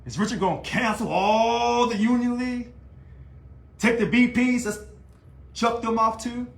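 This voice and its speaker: A man talking to camera in a casual video monologue about his union work, animated and taunting, full of rhetorical questions. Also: very high voice, unhurried. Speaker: union leader. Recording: echoey room.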